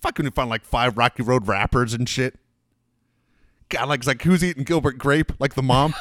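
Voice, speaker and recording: A man's voice: fairly high pitch, lively intonation, brisk, a bit bright, dry recording, clean studio sound. A man in casual chat, telling a long, profane family anecdote in a rambling way.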